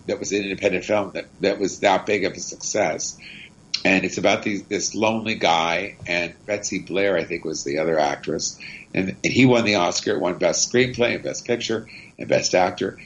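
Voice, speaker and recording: A man's voice: deep voice, moderate pace, dull audio. A middle-aged man, a comedian and actor, telling chatty, rambling anecdotes in an interview. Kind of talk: casual interview storytelling.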